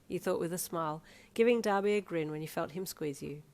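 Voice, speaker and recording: Woman reading fanfic out loud, brisk and lively, lowish voice. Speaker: fanfiction reader. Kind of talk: second-person fanfiction narration.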